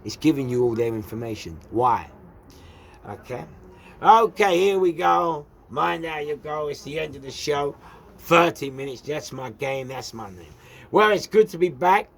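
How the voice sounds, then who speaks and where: A man's voice: fairly high pitch, measured pace, gravelly. A man with a London accent, hosting his own show and telling a story in a ranting, repetitive way full of rhetorical questions. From England. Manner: animated and repetitive, with rhetorical questions and shouted outbursts. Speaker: host. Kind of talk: casual storytelling monologue.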